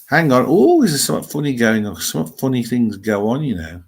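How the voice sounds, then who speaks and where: A man's voice: medium pitch, very animated, a little fast, creaky, slightly rough. A middle-aged man with an English Midlands accent, hosting a live stream and chatting loosely with viewers' comments, rambling as he thinks aloud.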